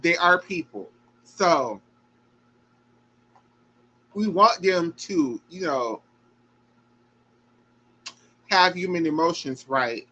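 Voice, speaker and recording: A man hosts a reaction show, his voice sitting a little high for a man. He talks emphatically and emotionally and swears without holding back. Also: expressive, drawn-out words, long pauses, sharp tone, low-quality recording.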